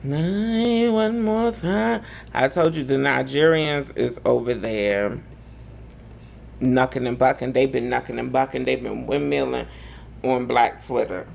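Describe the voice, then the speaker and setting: A man's voice: medium pitch, fairly even intonation, unhurried, vocal fry, a little hiss or hum. A man hosting a live gossip commentary show, talking in a sassy, campy way full of drawled slang. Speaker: host.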